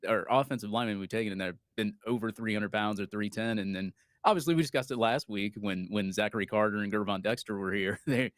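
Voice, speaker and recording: A man's voice: fairly low pitch, fast talker, no echo, clean studio sound. A man co-hosting a casual sports podcast, rambling with small laughs between points. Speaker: co-host.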